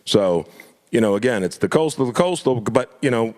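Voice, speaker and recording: A man's voice: medium pitch, expressive, moderate pace, darkish tone, big-room sound. A man from Florida, an elected official, making impassioned public remarks at a club meeting, emphatic and prone to repeating himself.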